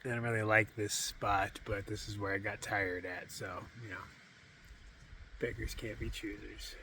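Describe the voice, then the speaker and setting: A man's voice: on the low side, flat delivery, unhurried, bright, forceful tone, a little hiss or hum. A man vlogging casually outdoors from his hammock camp, rambling and self-deprecating, often trailing off into a mumble. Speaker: solo thru-hiker vlogger. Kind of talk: casual outdoor vlog monologue.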